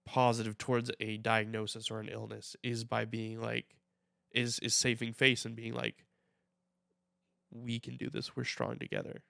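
Gravelly young man, reflective podcast talk. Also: mid-range voice, a bit bright, no echo, clean studio sound. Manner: reflective, halting with repeated starts. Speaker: podcast co-host. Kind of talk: casual chat.

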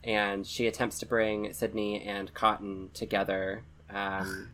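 A man with a very low voice talks films on a podcast. He reasons things through carefully, hedging with ums and you-knows as he builds his point in a casual chat. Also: level tone, fairly bright tone, slight background noise. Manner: analytical, measured, hedges with fillers. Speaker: podcast co-host. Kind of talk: casual film discussion.

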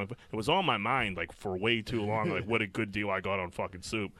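A man's voice: lowish voice, a little fast, few pauses, a bit bright, dry recording. A young man co-hosting a podcast, chatting casually in a rambling, profane, self-mocking way. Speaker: podcast co-host. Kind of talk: casual chat.

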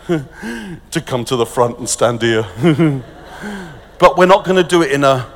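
A man delivers an energetic, jokey sermon at a festival that shifts into a hushed, tender tone. Recorded in a large venue with long reverb, his voice is a little high and his pace unhurried.

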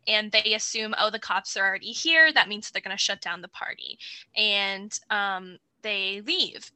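Very bright woman co-host, dry close sound. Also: mid-range voice, no echo. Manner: relaxed storytelling with short agreements. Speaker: podcast co-host. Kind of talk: casual chat recapping a documentary.

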